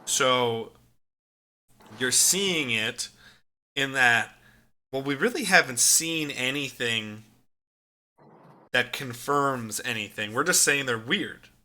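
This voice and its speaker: Guy on a movie podcast, super bright sharp voice, laughs a lot, swears constantly. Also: medium pitch, slow pace, long pauses. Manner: animated, laughs often, swears freely. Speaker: podcast co-host. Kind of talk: casual movie review chat.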